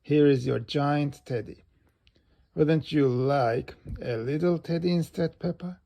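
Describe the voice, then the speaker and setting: A man's voice: a little high, takes it slowly, creaky, warm tone. A man voicing a chirpy grown-up rabbit woman who runs the stalls in a picture storybook.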